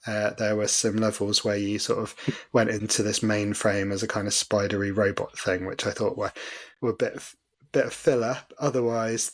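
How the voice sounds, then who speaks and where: Low-voiced man rambling on a podcast. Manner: rambling, self-deprecating, lots of ums and uhs. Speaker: podcast co-host. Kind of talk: casual podcast chat.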